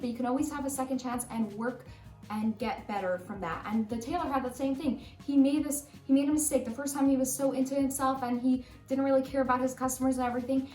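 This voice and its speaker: A woman telling a story casually and explaining its lesson, in a roomy, echoey recording from a distant mic with faint music. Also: high-pitched. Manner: casual, lively, chatty retelling.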